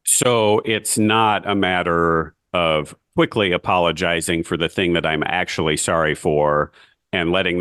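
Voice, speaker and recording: Low-voiced male podcast co-host, curious, asks questions, dry close sound. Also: a bit bright, no room sound. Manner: curious, poses questions and scenarios. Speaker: podcast co-host, band teacher. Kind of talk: advice podcast discussion.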